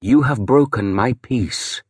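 A man's voice: mid-range voice, slow pace, slightly rough, no room sound, clean studio sound, voice pushed up. A man playing a stern, cold young king. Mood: stern anger.

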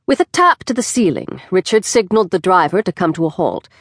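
A fairly low-pitched woman narrates an audiobook, reading a script with measured, expressive storytelling. Recorded in a studio on a close mic, the audio has studio quality and no room sound.

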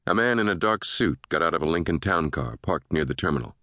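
Man, audiobook narrator, very deep voice, dry studio sound, steady measured delivery. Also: no echo. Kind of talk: scripted thriller narration.

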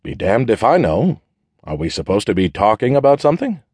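A man's voice: on the low side, big pitch swings, brisk, a little mellow, slightly rough, no echo, studio quality. A man voicing a wounded man stuck in bed who jokes and teases in an offhand way. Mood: wry. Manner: joking, offhand, teasing.

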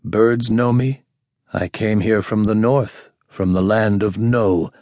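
A man voicing a brooding, weary young man who speaks quietly and wistfully. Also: medium pitch, animated, fairly quick, no room sound, studio quality. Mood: musing.

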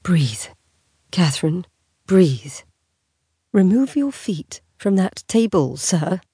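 A woman's voice: lowish voice, big pitch swings, takes it slowly, mellow, husky, dry recording, studio quality, exaggerated voice. A woman voicing an exasperated, proud young noblewoman who speaks in a clipped, indignant way.

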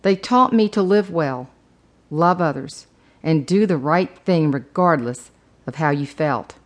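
A woman's voice: deep voice, expressive, unhurried. A woman narrating her own memoir audiobook, humorous with playful emphasis.

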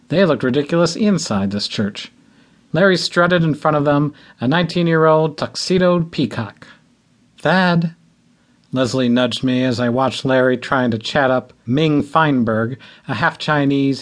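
A man reading an audiobook in first person with a dry, wry humor. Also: on the high side. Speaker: audiobook narrator.

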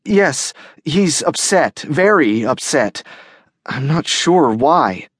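Nervous young doctor, halting delivery, read by a male narrator, dry close sound. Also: fairly high pitch, very animated, a bit bright, slightly rough, no room sound, pitched above the performer's own voice, full character voice. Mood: flustered. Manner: flustered, stammering. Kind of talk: audiobook character voice.

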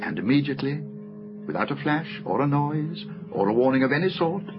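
A man narrating a children's fantasy audiobook in measured storytelling. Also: on the high side, animated. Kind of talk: scripted narration. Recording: muffled audiobook recording, faint music.

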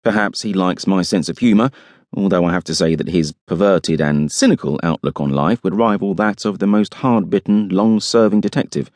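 A man's voice: deep voice, moderate pace, a little mellow, no echo. A man narrating a first-person audiobook with wry, dry humour.

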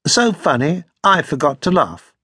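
A man voicing a sharp, jealous young woman with a quick, accusing tongue in an audiobook. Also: medium pitch, big pitch swings, slightly rough, no room sound, clean studio sound. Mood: tart. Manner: tart and accusing.

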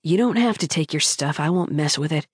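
A scrawny schoolboy with a wicked grin and total confidence, teasing and half-blackmailing in a low, dry voice, as a woman narrator puts him on. He is a character in a romance audiobook, and the voice sits close and dry against the mic. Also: expressive, fairly quick, breathy edge, dry recording. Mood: earnest.

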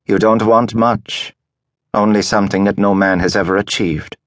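A cool, guarded woman doctor with a mid-European accent, as a male narrator puts her on, speaking in a soft, measured way. Her voice sits a little higher than the low narration around her. The sound is dry and close. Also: steady tone, no room sound, lightly acted. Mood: cool, probing.

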